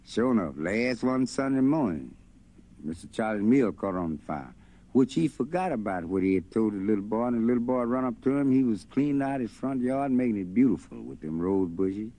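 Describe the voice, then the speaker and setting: A man's voice: lowish voice, lively intonation, moderate pace, warm tone. A man telling a folk tale in a loose, folksy spoken way. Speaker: storyteller. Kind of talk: folk tale told over guitar. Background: faint guitar.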